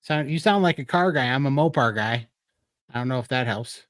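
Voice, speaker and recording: A man's voice: mid-range voice, animated, brisk, a bit bright, no echo. A man co-hosting a casual livestream chat over a video call, talking loosely with frequent laughs and rambling asides. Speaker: co-host of a livestream show.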